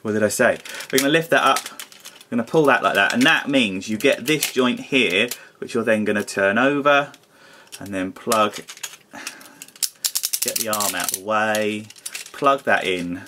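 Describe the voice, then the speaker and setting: A man's voice: on the low side, moderate pace, pushed and bright, a little hiss or hum. A man giving a casual hands-on toy review, grumbling and exasperated, with mild swearing.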